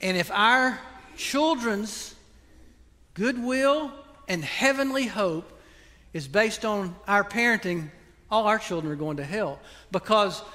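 An older man preaching a sermon as pastor, earnest and pleading, then praying softly. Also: high-pitched. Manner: earnest, pleading preaching that drops soft into prayer. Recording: long hall reverb.

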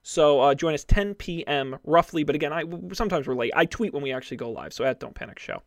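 A man hosts a casual podcast, upbeat and chatty, stumbling over fillers and restarts as he goes. His voice sits a little high for a man. The sound is dry and close, with no room around it. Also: expressive, quick pace, creaky, no echo. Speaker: podcast host.

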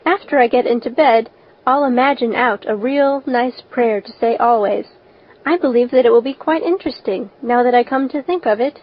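A woman's voice: fairly high pitch, normal speed, close to an everyday voice. A woman reading the part of an eager, talkative and imaginative young orphan girl. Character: chatty imaginative red-haired orphan girl. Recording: dull lo-fi recording.

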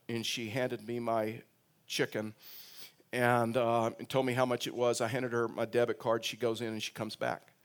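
A man preaching in an easy, conversational way. He often repeats words and restarts phrases, then lifts his voice to stress a point. His voice sits in a middle register. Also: mid-range voice. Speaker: pastor. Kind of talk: sermon with personal story.

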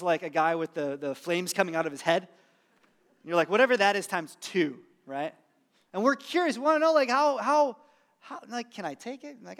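A man preaches a sermon as pastor, his voice set noticeably high for a man. He moves between emphatic, driving points and loose, conversational asides.

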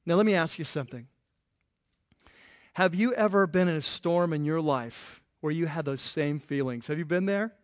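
A man preaching a sermon as a pastor, animated and playful, acting out the voices in the stories he tells. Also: high voice. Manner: animated, playful, acts out quotes.

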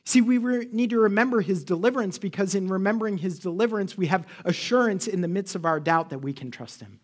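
High-voiced man preaching a lively sermon. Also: fast talker. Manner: animated, acts out quotes, asks the congregation questions. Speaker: pastor.

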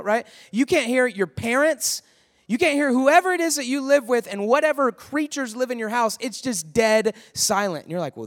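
A man with a high, light voice gives a casual sermon to young people. He tells stories and keeps asking his listeners questions. His voice carries a long reverb from a large church hall. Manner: conversational, storytelling, asks the crowd questions. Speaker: youth pastor. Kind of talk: sermon to students.

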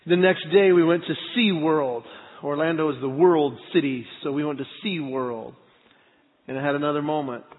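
A middle-aged man preaching a sermon, telling a story and acting out its dialogue with lively energy. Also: on the high side. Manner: animated, acts out dialogue in the story. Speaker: pastor. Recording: tinny lo-fi audio with long hall reverb.

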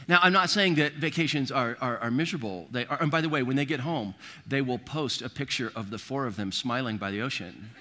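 A man's voice: mid-range voice, bright, forceful tone, slight background noise. A man preaching a sermon, telling stories with quoted voices and humor. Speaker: pastor. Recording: long reverb of a large hall.

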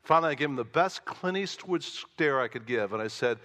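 Man, pastor, sermon, bright forceful voice, slightly high, long hall echo. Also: a little fast. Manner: animated storytelling, rising loud for emphasis, quiet in prayer.

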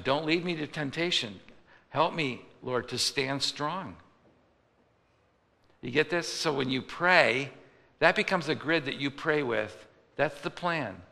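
Pastor guy preaching, gravelly bright voice, chatty, big echoey church hall. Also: medium pitch. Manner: conversational preaching, voicing quoted speakers. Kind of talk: sermon. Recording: long hall reverb.

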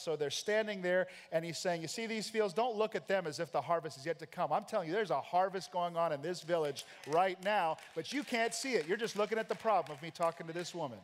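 A high-pitched American man preaches with emphatic, dramatic delivery, acting out the lines of the figures in his stories. His voice rings with long reverb through a church sanctuary. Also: fast talker, hardly any pauses. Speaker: pastor. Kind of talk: sermon.

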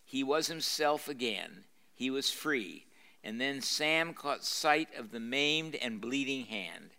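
A man's voice: medium pitch, animated, slow, creaky, sharp tone. An older man, a pastor, reading a novel aloud to a live audience in a university room and stopping to explain, with dramatic emphasis and frequent fillers and restarts. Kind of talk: live lecture reading with commentary.

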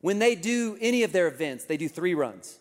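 Animated male pastor in a reverberant hall. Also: high voice, a little fast. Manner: animated storytelling, acting out quotes. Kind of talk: sermon.

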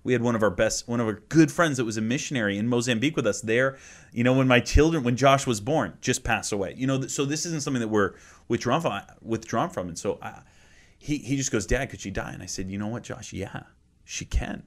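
A man's voice: medium pitch, fast. Earnest man telling a heartfelt story. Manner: earnest, heartfelt, often hushed. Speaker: guest minister. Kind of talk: conversational storytelling.

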